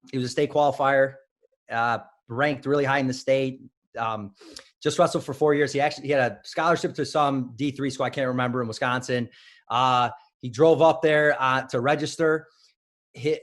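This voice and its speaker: A man from Illinois, a wrestling coach, telling stories as a podcast guest and often restarting his sentences. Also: medium pitch. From Illinois, United States. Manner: rambling, self-correcting storyteller. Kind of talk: casual interview.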